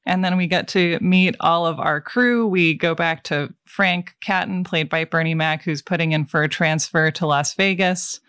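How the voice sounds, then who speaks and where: A woman with a fairly low voice tells a film's story on a casual podcast. She is wry and animated, tossing in quoted asides. The sound is dry and close to the mic. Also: moderate pace, few pauses, clear, resonant tone, no room sound. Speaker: podcast host summarizing a film.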